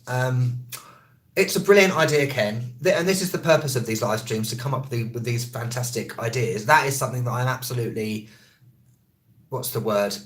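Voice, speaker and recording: A man in mid-range pitch rattles through viewer comments on a live stream. He is quick and easygoing, tripping over words and fixing them on the fly, like a traveller who also teaches English. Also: a bit bright. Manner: quick, chatty, self-correcting. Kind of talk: casual live-stream chat answering comments.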